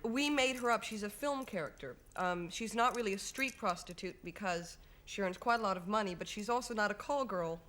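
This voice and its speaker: Young woman, talk show guest; lively, laughing, chatty storyteller. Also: mid-range voice, fairly quick, hardly any pauses. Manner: giggly, animated storytelling. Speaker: film actress guest. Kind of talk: studio chat show interview. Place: television studio.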